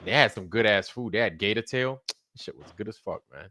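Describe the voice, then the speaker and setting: A man co-hosting a casual stream chat, joking and swearing with loud reactions. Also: on the low side, expressive, a little fast. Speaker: co-host.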